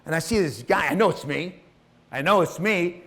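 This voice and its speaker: The voice is a little high and a bit bright, at normal speed: a middle-aged man telling his life story in a motivational talk. Emotional and profane, he acts out the voices of those in his tale.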